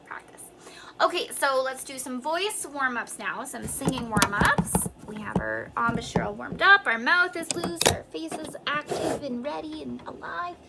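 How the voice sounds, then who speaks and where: A young woman giving a recorded voice lesson, talking students through warm-ups with clear, encouraging instructions. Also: sits high, lively intonation, normal speed, few pauses, heavy background noise. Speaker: voice teacher.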